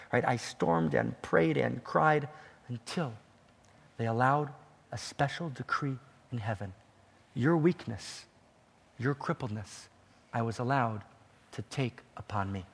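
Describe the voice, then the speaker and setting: A man voicing a young holy master who speaks with gentle, heartfelt passion, in a husky voice with a long hall echo. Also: mid-range voice. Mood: sorrowful.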